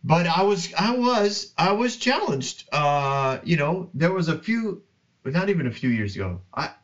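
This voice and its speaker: Unhurried rambling man, dull sound. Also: a little high, big pitch swings, fairly bright tone. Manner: unhurried, rambling with many restarts. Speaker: podcast host. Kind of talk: casual Bible teaching monologue.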